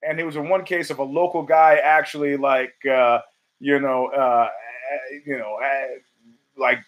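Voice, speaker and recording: A man's voice: medium pitch, little pitch movement, unhurried, a bit bright. A man hosting his own show, giving rambling, profane solo commentary full of restarts and fillers. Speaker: podcast host.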